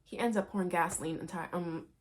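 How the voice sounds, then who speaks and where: A woman's voice: on the low side, steady tone, quick pace, a little hiss or hum. A woman recapping a movie in a casual, playful and slangy way, chatting to her viewers.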